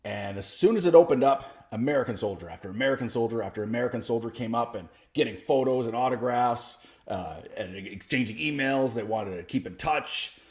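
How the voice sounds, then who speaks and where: Guy doing stand-up stories, dry deadpan delivery, medium voice, echoey room sound. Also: mid-range voice, a little fast, few pauses. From Canada. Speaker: comedian. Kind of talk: stand-up storytelling.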